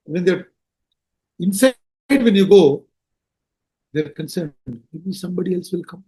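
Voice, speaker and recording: A man teaches scripture in a measured, explanatory way. His voice sits high for a man, and he takes his time, pausing to check that listeners follow. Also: lively intonation, mellow. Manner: slow, explanatory, rhetorical asides. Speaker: spiritual teacher. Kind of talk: scripture discourse.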